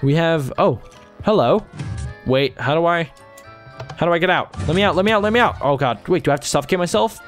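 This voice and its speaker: A man's voice: on the high side, expressive, fairly quick, soft background music. A man giving chatty let's-play commentary, talking to himself and his viewers as he plays. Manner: chatty, talks to himself and viewers while playing. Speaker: gaming YouTuber.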